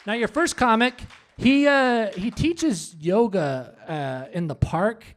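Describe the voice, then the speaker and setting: A man hosting a comedy show on stage, doing his stand-up set with punchy, animated delivery and asides to the crowd. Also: high-pitched, takes it slowly. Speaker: stand-up host. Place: comedy club. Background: audience laughter.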